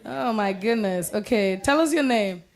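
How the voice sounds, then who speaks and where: A woman's voice: medium pitch, animated, moderate pace, a little mellow. A woman hosting a live poetry event, teasing the audience and laughing often. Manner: playful, teasing, chanting call-outs, laughing often. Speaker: event host. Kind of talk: lively emcee banter at a poetry event.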